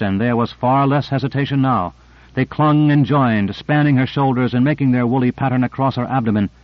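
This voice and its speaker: Reading aloud from an audiobook script, the male narrator keeps an even, deliberate pace. He speaks at a medium pitch, and the sound is dull and dry.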